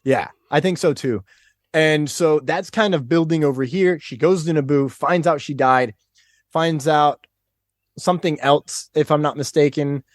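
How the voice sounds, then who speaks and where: A man guest on a podcast, chatting casually and retelling scenes in an excitable, animated way. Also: fairly high pitch, a little slow, no echo, clean studio sound. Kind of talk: casual chat.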